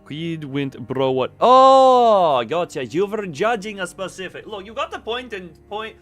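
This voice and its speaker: A man's voice: high voice, measured pace, soft background music. A man streaming a game live, joking with chat and reading the subtitles aloud. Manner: jokey and animated, trying out voices.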